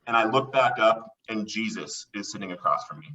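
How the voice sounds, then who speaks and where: A man guest on a podcast, telling a personal story in an excitable way and acting out the voices he quotes. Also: fairly low pitch, fairly quick, recorded from a distance, dull audio. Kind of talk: animated storytelling.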